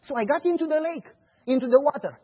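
A man preaching a sermon, telling stories in an animated way and acting out the dialogue. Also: very high-pitched, quick pace, lo-fi sound. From Romania. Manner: animated storytelling, acts out dialogue.

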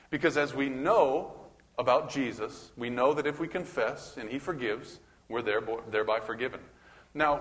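A male pastor teaching a bible study, animated, asking questions and reading scripture aloud. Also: mid-range voice, in a large hall.

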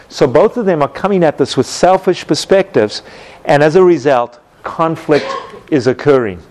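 A man teaching a Bible class, telling everyday stories with lively acted-out moments and questions to his students. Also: on the high side. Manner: animated storytelling, acts out scenes with sound effects.

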